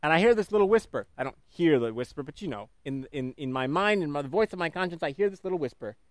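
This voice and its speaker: A man preaching a sermon, animated, acting out voices in his stories. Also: on the high side, fast talker, dry recording, studio quality.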